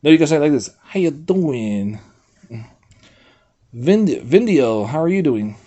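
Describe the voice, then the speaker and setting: A man's voice: fairly high pitch, brisk. A man streaming and chatting casually with his viewers, rambling, reading a website aloud and breaking into swearing outbursts. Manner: rambling, reads website aloud, talks to chat; swears freely, animated outbursts. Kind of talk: casual livestream chat.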